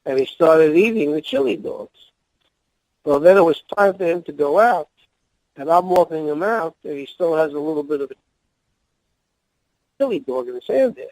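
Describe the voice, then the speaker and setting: A man's voice: fairly high pitch, animated, normal speed, long pauses, a little mellow, no room sound, rough recording. Older man telling rambling road stories. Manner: rambling anecdotes with laughs and restarts. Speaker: guest, former wrestling manager. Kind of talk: podcast interview storytelling.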